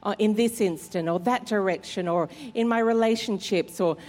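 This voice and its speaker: Aussie lady pastor, chatty earnest sermon, mid pitch, echoey church hall. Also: normal speed, a little mellow. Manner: conversational, earnest preaching with fillers. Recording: long hall reverb in church.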